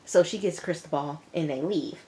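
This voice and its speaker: A woman vlogger recapping a TV episode in a casual, lively way, full of slang and quick asides. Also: low-pitched. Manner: lively retelling with slang and acted-out quotes. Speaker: TV review vlogger.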